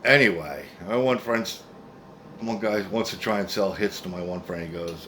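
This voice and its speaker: A middle-aged man, low in pitch, tells a meandering, profane story in a casual way. He keeps circling back with asides. A faint noise sits under the recording. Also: normal speed, fairly bright tone. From New Jersey, USA. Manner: rambling, profane, frequent "anyway" asides.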